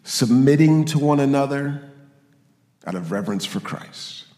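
Animated preacher man in an echoey hall. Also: mid-range voice, measured pace. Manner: animated, acts out quoted voices, repeats phrases. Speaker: pastor. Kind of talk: sermon.

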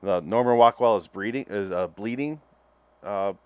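A man's voice: lowish voice, moderate pace, clean tone, no room sound, highs cut off. Dry-sounding sardonic male co-host. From Phoenix area. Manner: profane, sardonic, emphatic. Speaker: podcast co-host. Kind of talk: casual chat.

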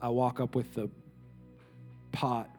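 A man's voice: mid-range voice, little pitch movement, takes it slowly, darkish tone, soft background music. A man in his thirties preaching a sermon as a pastor, emphatic, repeating key lines and asking the audience questions.

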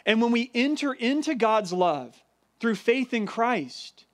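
A man preaching a sermon in an earnest, emphatic way, slowing down to stress key words. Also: sits high. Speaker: pastor.

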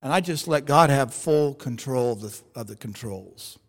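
A man preaching a storytelling sermon, animated and acting out the dialogue in his stories. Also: mid-range voice, moderate pace. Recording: long hall reverb.

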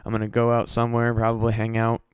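A man's voice: medium pitch, monotone, quick pace, smooth, no room sound. A tired man from the Midwest rambling casually and profanely as a solo podcast host. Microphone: home podcast mic.

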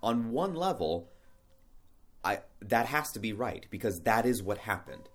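A man with a fairly low voice talking in a casual, unscripted monologue. He wanders through his point, often restarting sentences and stacking up rhetorical questions as he thinks aloud. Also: very animated, unhurried.

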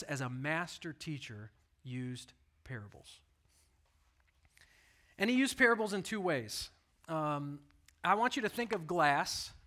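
A man preaching a sermon, telling the story in a conversational, animated way and voicing the people in it. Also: high-pitched. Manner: animated storyteller, voices the people in his stories. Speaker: pastor.

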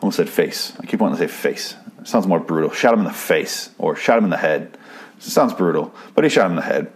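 A deep-voiced man hosts a podcast and talks through a TV episode he just watched. He swears freely and rambles, often stopping and restarting his sentences. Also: lively intonation, fast talker. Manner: profane, rambling, frequent restarts. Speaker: podcast host. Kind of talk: casual TV episode recap.

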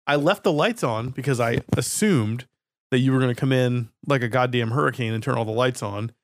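Man, casual chat, blunt, teasing, dry, mid pitch. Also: brisk, no room sound.

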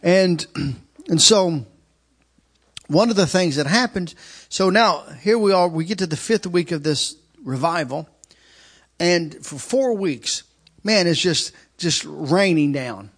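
Preacher, male, high voice, animated storytelling with loud outbursts. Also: slow pace. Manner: animated, with shouted outbursts and laughter. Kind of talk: sermon storytelling.

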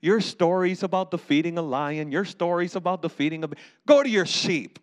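A man's voice: sits high, lively intonation, moderate pace. A man preacher voicing an irritated, jealous older brother who scolds sharply. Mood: exasperated.

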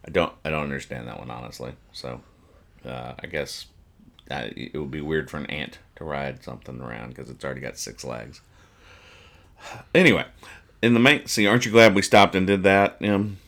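A man's voice: very deep voice, steady tone, moderate pace, creaky, fairly bright tone. A man hosting a podcast, casually reading comic strips aloud, joking, rambling and explaining each joke. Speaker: podcast host.

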